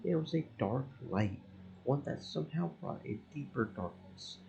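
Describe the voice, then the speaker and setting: A man streaming a game, reading its story text aloud in slow, measured narration. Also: mid-range voice, lively intonation, creaky, warm tone, highs cut off, a little hiss or hum.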